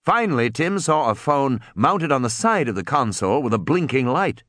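A man narrating an audiobook in a dramatic, animated reading. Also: mid-range voice, moderate pace, few pauses, no echo, clean studio sound.

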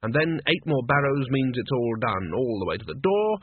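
A man's voice: mid-range voice, sing-song, moderate pace, breathy edge. A man reading an audiobook, voicing a mild, polite teenage boy who answers patiently. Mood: mumbling. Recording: tinny lo-fi phone-like audio.

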